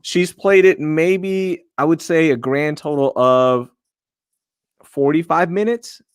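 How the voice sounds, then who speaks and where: A man's voice: fairly high pitch, takes it slowly, clean tone, no echo, studio quality. A man hosting a casual podcast chat, upbeat and playful, laughing often. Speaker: podcast host.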